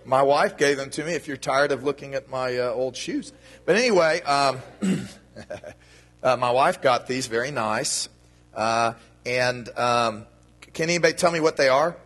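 A man's voice: medium pitch, normal speed, fairly bright tone. A man giving a children's sermon in a church, talking to the kids in a playful, friendly way. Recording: long reverb of a church hall.

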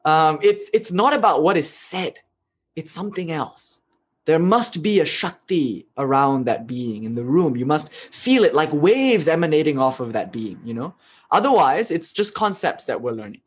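A man's voice: a little high, big pitch swings, moderate pace, breathy edge. A man giving an informal lecture on spiritual ideas, speaking conversationally and often adding "you know" and small chuckles. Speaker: spiritual teacher.

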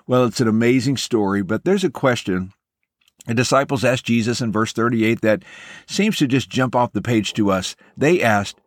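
A man's voice: medium pitch, normal speed, dry recording, studio quality. Earnest man giving a devotional talk. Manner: earnest, encouraging and personal. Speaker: podcast host and devotional teacher. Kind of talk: short devotional podcast talk.

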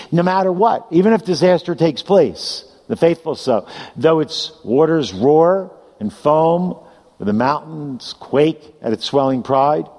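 A man's voice: mid-range voice, darkish tone. A man preaching a sermon, reading scripture aloud with emphatic delivery. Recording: long hall reverb.

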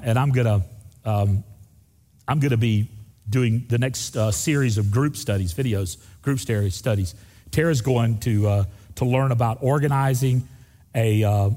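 Preacher, mid-pitched, animated delivery, long church reverb. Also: male voice. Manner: lively preaching, swings up high for emphasis, asks the congregation questions. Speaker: pastor. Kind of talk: sermon. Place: church sanctuary.

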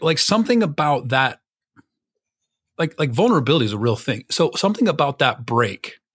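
A man's voice: mid-range voice, fairly bright tone, husky, dry recording, clean studio sound. A young adult man co-hosting a podcast, chatting casually, rambling with many fillers and restarts, and swearing freely. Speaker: podcast co-host. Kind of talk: casual chat.

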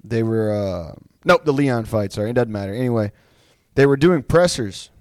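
A man's voice: mid-range voice, lively intonation, normal speed, no room sound. A man hosting a podcast in casual chat, rambling storytelling with lots of swearing and restarts. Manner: rambling, profane, many restarts. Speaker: podcast host.

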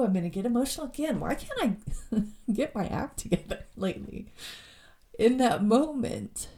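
A woman's voice: fairly low pitch, mellow. A woman hosting a faith podcast, speaking in an earnest, confiding way and laughing at herself now and then. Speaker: podcast host. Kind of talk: reflective faith podcast monologue.

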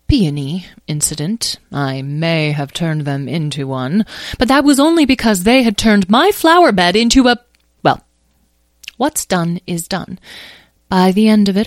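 A woman's voice: on the low side, no echo, clean studio sound. A woman voicing a proud, vain and wistful ancient flower fairy in a grand, dramatic manner for a storybook. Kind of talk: storybook character voice.

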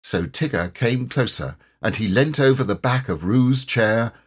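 A man narrating a children's storybook. His voice is husky and mid-pitched, and it rises and falls with lively expression. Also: measured pace. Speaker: audiobook reader.

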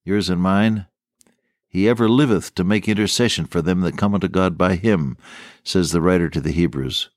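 A man's voice: deep voice, normal speed, no echo, studio quality. An older man preaching a radio sermon, telling stories in a folksy, earnest way.

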